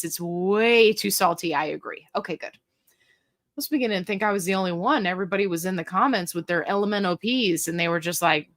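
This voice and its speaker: A woman's voice: medium pitch, fairly bright tone. A middle-aged woman hosting a casual livestream, chatty and jokey as she reads viewer comments aloud. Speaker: livestream host.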